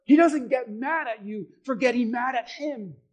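A high-voiced man preaching from the pulpit. He drops to a quiet, measured reading tone, then climbs into loud, fervent exhortation. His delivery is dramatic and insistent. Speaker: pastor. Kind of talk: sermon.

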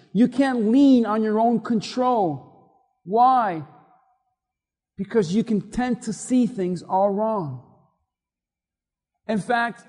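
Preaching a sermon, a male pastor delivers his words emphatically and repetitively, asking the congregation to repeat after him. His voice is high-pitched and a little mellow, carried on the long reverb of a large hall.

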